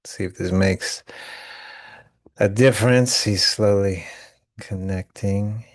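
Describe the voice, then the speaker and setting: A man's voice: lowish voice, fairly even intonation, slow, no echo, clean studio sound. A young man co-hosting a podcast over a call, talking casually, bluntly and crudely and boasting. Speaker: podcast co-host. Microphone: remote call.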